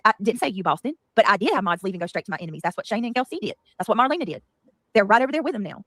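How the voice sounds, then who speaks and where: A woman's voice: mid-range voice, lively intonation, racing, a bit bright, no echo. A woman ranting angrily in a heated group voice chat, swearing and calling people out. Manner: angry, profane, ranting.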